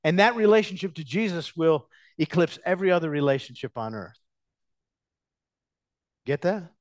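A male pastor delivering a sermon in a somewhat high voice. He preaches with animated emphasis, leaning hard on key words and stretching some of them out slowly. The sound is dry and close, with almost no room around it. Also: no echo. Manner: animated, emphatic preaching with sudden loud stresses and drawn-out words. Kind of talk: expository sermon.

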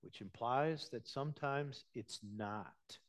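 A pastor preaches a sermon slowly and conversationally, swinging between hushed, low passages and emphatic, raised ones.

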